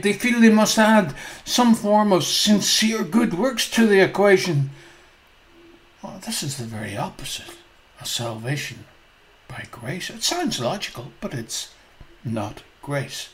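A man's voice: high-pitched, poor audio. A male preacher telling a parable in a sermon, emphatic and prone to asking his listeners questions. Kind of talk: sermon storytelling.

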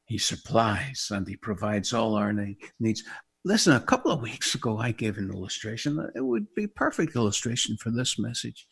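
Middle-aged Northern Irish pastor, emphatic, heartfelt sermon delivery for radio listeners. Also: male voice, on the low side, sing-song, moderate pace, creaky, a bit bright, husky. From Northern Ireland. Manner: emphatic and heartfelt, rising and falling.

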